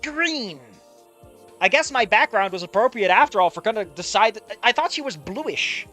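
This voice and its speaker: A young man streaming a game and ranting, excitable and swearing, jumping from loud outbursts to low muttering. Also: normal speed, soft background music. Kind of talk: live reaction commentary.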